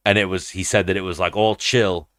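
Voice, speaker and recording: This young man's deep voice carries a fairly even intonation and a brisk, fairly bright delivery. Hosting a podcast, he rambles through a lengthy, profane story in casual conversation, acting out each person he quotes. The recording is dry and clean, studio-grade.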